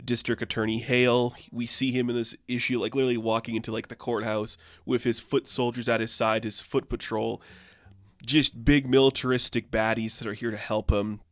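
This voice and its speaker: A man's voice: mid-range voice, level tone, brisk, a bit bright, no echo. A young man casually reviewing a comic book, rambling and peppering his talk with filler words.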